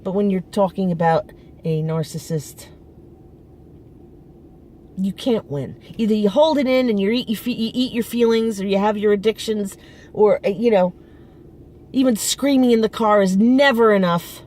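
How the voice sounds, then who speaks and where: A frustrated middle-aged woman vlogs outside her apartment, venting about personal matters in a mid-range, slightly mellow voice at normal speed. She's emphatic, leaves long pauses, and keeps restarting her sentences.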